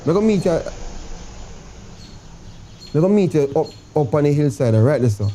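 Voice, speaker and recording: An actor with a Jamaican accent playing a remorseful boyfriend who pleads dramatically to be taken back. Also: male voice, on the high side, very animated, moderate pace, mellow, slight background noise. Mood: pleading. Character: pleading remorseful boyfriend begging to come home. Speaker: actor in comedy sketch. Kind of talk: comedy sketch acting, phone call.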